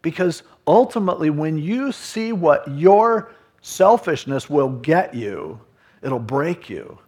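Animated man preaching a sermon. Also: on the high side, slow pace, slightly rough. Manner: conversational and animated, acting out voices of people. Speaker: pastor.

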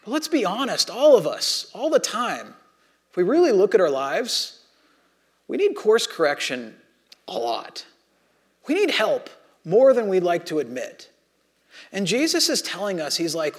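A man with a high-pitched voice delivers a sermon as a pastor. He tells it like a casual personal story, laughing at himself, and his volume rises and drops as he goes. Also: measured pace. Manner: conversational, self-deprecating storytelling with lively swings in loudness.

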